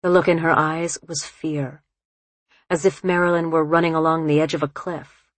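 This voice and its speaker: A woman narrating an audiobook in a measured, even reading voice. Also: sits low, dry recording.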